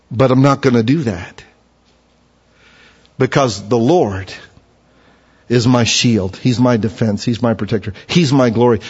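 Preacher guy, sermon in a church, goes quiet then loud, echoey hall, kinda dull audio. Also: slightly rough. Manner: swings between hushed low lines and raised emphatic ones. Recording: dull sound with long hall reverb.

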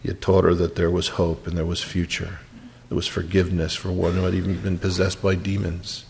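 A man preaching a sermon and retelling a scripture story, dropping to a hush and then rising to emphatic peaks. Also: deep voice, completely flat delivery, brisk, gravelly, a little hiss or hum. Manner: storytelling, wide swings from hushed to emphatic.

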